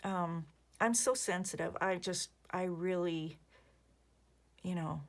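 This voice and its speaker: A woman in her fifties talks slowly in a lowish voice, chatting casually as she works on a craft. She rambles gently and keeps dropping into soft mutters to herself. Her tone is unhurried and personal. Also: fairly even intonation. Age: 50s. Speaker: crafting vlogger. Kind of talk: casual chat while crafting.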